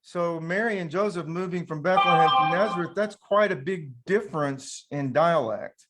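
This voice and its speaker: A man with a Southern American accent hosts a casual panel talk, his voice sitting a little high. He speaks in a folksy, conversational way, often restarting his sentences as he thinks aloud. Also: moderate pace, heavy background noise. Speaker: panel host and teacher.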